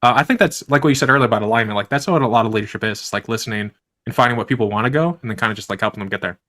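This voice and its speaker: A man's voice: lowish voice, rapid-fire, a bit bright. A man who grew up on a farm, talking casually as a guest in a conversational interview, rambling with many fillers.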